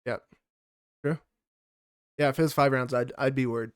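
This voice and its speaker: A man's voice: medium pitch, fairly even intonation, normal speed, clean tone, no room sound, clean studio sound. A man co-hosting a casual fight-picks podcast, giving blunt, heated, profane opinions. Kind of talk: casual sports chat.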